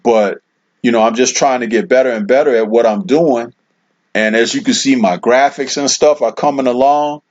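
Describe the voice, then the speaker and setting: A relaxed man talking straight to his stream viewers, easygoing and conversational, his mid-range voice steady and unforced. The audio is a bit dull and lo-fi, like a home streaming setup. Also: mid-range voice, moderate pace. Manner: laid-back, chatty, lots of "man" and "you know". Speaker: livestream host. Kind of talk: casual livestream chat, reading out viewer comments.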